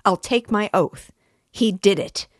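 A man's voice: fairly high pitch, unhurried, dry recording, clean studio sound. A woman voicing a heated, righteous young man. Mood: indignant, heated. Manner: heated, insistent, repeating himself. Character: earnest angry young man, short-sighted, righteous.

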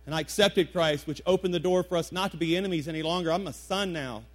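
A man in his forties with a fairly high voice and a quick pace is preaching a sermon to his congregation in a church sanctuary. He talks conversationally, repeating points for emphasis and putting questions to the room.

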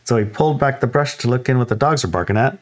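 A man co-hosting a podcast, telling a story in a relaxed, chatty way and acting out the voices of people he quotes. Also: quick pace. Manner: animated, acts out quoted voices with playful high pitch. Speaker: podcast co-host. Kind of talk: casual storytelling chat.

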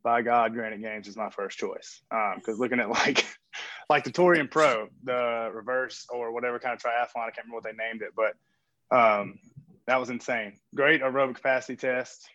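A man's voice: mid-range voice, steady tone, normal speed, sharp tone, no echo. A man talking as a coach and guest on a remote call from a gym, rambling and joking with lots of fillers. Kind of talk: casual interview chat. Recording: dull dry remote call audio.

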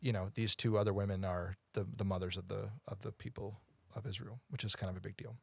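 A man's voice: on the low side, steady tone, quick pace, vocal fry, breathy edge, no room sound. A man co-hosting a casual Bible study chat. He explains at length, wanders off topic and often asks whether the listener follows. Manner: explanatory, digressive, often asks "you know what I'm saying". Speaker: podcast co-host teaching the Bible.

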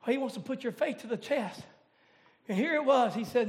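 A man preaching a revival sermon in church, shouting in a chanting, rising cadence. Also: very high voice, lively intonation, a little fast.

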